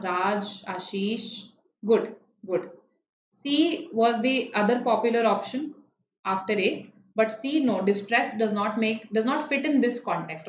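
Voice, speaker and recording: A woman teaches vocabulary in a live online class, patient and checking in with her students often. Her voice sits a little high. The sound is dull and roomy, with a faint hiss. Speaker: online exam-prep teacher.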